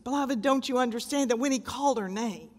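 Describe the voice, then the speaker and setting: High-voiced older woman preaching in a hall. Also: brisk. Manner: dramatic, emphatic storytelling, swinging from loud exclaims to hushed tones. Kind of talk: sermon.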